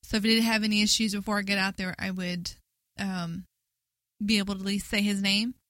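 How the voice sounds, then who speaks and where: A woman co-hosting a casual gaming podcast, chatty and quick to laugh. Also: mid-range voice, level tone, fairly bright tone, no room sound. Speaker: podcast co-host. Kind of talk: casual chat about gaming.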